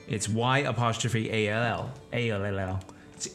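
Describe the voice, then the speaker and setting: Soft background music accompanies a voice actor and streamer from Texas, speaking briskly in a mid-range voice. He chats loosely about voice acting, wandering off on tangents while explaining things and answering chat.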